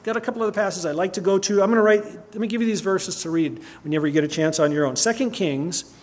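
A man's voice: sits high, fast. A man preaching a sermon who reads scripture aloud, asks his listeners questions and often stops to correct himself.

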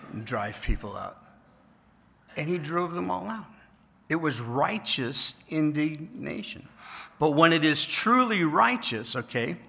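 Bright-voiced man preaching a sermon. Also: fairly high pitch, vocal fry. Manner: conversational preaching with rhetorical questions. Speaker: pastor.

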